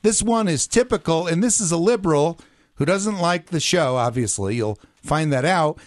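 Brief: keen, opinionated male radio host, slightly high voice, dry studio sound. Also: expressive, normal speed, no echo. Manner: enthusiastic, opinionated. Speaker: radio talk show host. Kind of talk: talk radio.

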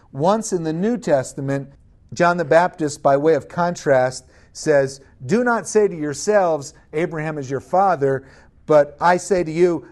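A man's voice: on the high side, a little mellow. A man preaching a sermon, emphatic, asking the congregation rhetorical questions.

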